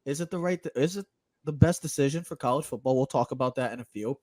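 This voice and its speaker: A man hosting a sports podcast, teasing his co-hosts and announcing the rundown with energetic hype. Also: mid-range voice, fast talker, dry recording. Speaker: podcast host. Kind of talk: casual chat and show rundown.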